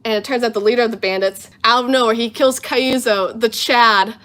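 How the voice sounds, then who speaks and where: A woman in her twenties hosting a home livestream, casually recapping a film with animated storytelling and voiced asides, tired and running on little sleep. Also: on the high side, brisk. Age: 20s. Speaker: livestream host.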